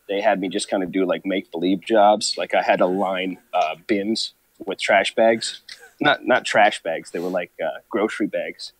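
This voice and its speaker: A man's voice: low-pitched, dry recording. A man co-hosting a live stream, telling rambling joking stories in casual banter.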